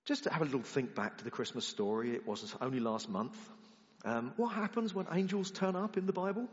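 A man preaching in a big hall with a long echo, and the sound is slightly muffled. His pitch leaps and falls as he moves from loud, emphatic questions to hushed, low asides. He sits at an ordinary middle pitch. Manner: animated, swings from loud emphatic rises to quiet low asides. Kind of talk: sermon.

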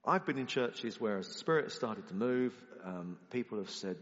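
A man preaching a sermon to a congregation, animated and conversational, moving between loud emphatic rises and quiet low asides. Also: moderate pace. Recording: muffled sound in a long-echo hall.

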